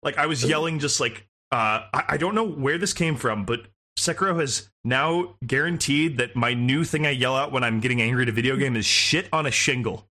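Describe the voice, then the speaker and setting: A young man co-hosting a podcast in casual chat, animated and exasperated, swearing heavily. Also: mid-range voice, fairly quick, hardly any pauses. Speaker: podcast co-host.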